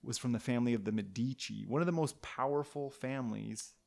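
A man with a gravelly voice at a middling pitch, telling a history story on a podcast. He talks casually and playfully, rambling off into tangents and restarting his sentences. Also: fairly quick, a little mellow.

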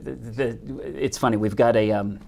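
Interviewed as a hotel company executive, a man keeps restarting and repeating himself, halting throughout this business talk. His mid-range voice is gravelly and mellow, with fairly even intonation.

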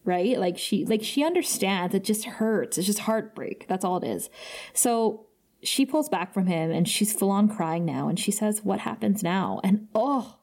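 A woman co-hosting a podcast, recapping an episode with gushing, expressive emotion in quick bursts. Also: mid-range voice. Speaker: podcast co-host.

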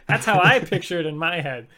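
A man's voice: high voice, lively intonation, moderate pace, bright, forceful tone. A man from the United States hosting a podcast interview, asking friendly, curious questions. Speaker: podcast host.

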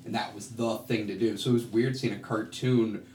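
A man co-hosting a podcast in casual chat, joking with quick asides. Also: on the low side, fairly even intonation, darkish tone, distant mic. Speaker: podcast co-host. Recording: roomy echo, off-mic.

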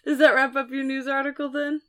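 A woman's voice: high-pitched, brisk. Giggly woman co-hosting a chat show. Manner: giggly, animated storyteller. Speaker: podcast co-host. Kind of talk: casual chat, reading listener stories aloud.

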